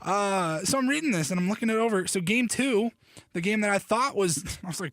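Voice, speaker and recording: A man hosting a casual solo sports podcast, animated and joking, with loose, profane talk that often restarts mid-sentence. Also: high voice, brisk, dry recording, studio quality. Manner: self-interrupting, restarts sentences. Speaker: podcast host.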